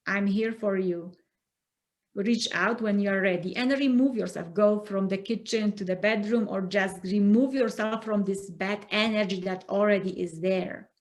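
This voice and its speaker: A woman's voice: mid-range voice, normal speed, few pauses. Earnest woman coaching on relationships. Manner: earnest, animated, acts out little dialogues. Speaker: interview guest, self-development coach. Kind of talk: conversational interview.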